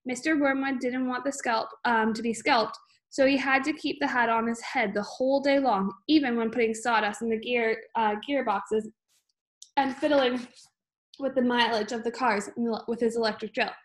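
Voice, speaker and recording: A woman reading a children's book aloud at an unhurried pace, with frequent small slips and restarts. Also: on the high side, steady tone. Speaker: reader.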